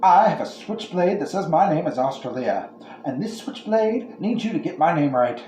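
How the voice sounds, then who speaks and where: A man voicing Australia, a blunt, deadpan young heroine in a comic horror story, recorded in an echoey room. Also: on the high side, moderate pace, slight background noise, pitched above the performer's own voice, lightly acted. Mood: defiant. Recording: echoey room with faint ambience.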